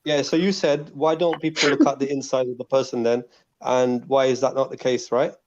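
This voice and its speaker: A man's voice: medium pitch, level tone, a little fast, over a noisy crowd. A man on a podcast panel, arguing his point insistently and pushing to be heard. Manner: argumentative, insistent on being heard. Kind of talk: heated podcast debate. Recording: dull lo-fi online call audio.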